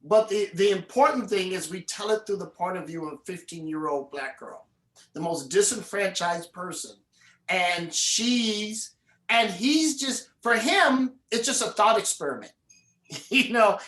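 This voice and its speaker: Male filmmaker guest, animated storyteller, in a reverberant lecture hall. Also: sits high. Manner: animated, acts out the characters. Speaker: film director and guest speaker. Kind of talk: storytelling in a live conversation. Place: university event hall.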